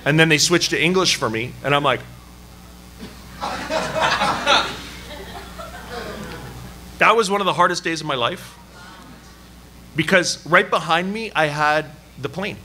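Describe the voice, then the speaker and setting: Male pastor, Canadian-raised, animated self-deprecating sermon storyteller, slightly high, bright tone. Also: normal speed, a little hiss or hum. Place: church service.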